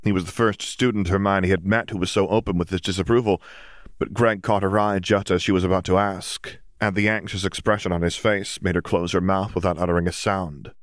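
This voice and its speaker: A man narrating a story in a steady, even reading voice. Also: deep voice, brisk, no echo, studio quality. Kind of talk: audiobook fiction reading.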